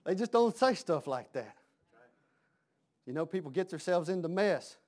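High-voiced folksy preacher man. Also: expressive, normal speed, a little mellow. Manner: folksy, conversational, with rhetorical questions. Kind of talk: sermon.

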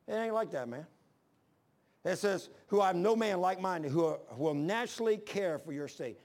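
A man's voice: sits high, lively intonation, moderate pace, pauses often, a little mellow. A man, preaching a sermon as pastor in an impassioned, folksy storytelling way.

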